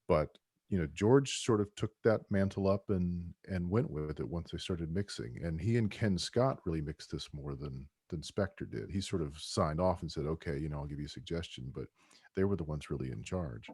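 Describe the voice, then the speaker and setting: A deep-voiced man with a husky edge talks loosely as a podcast guest, circling back and restarting his sentences as he explains his research. The sound is dry and close, with no room around it. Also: expressive, moderate pace, a little mellow, no room sound. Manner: rambling, with many restarts and "you know". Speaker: book co-author and guest. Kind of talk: casual podcast conversation.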